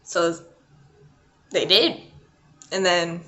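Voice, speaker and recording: A woman's voice: fairly low pitch, sharp tone. A young adult woman vlogging a casual storytime, rambling and chatty with lots of "like" and "um". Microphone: not her usual mic.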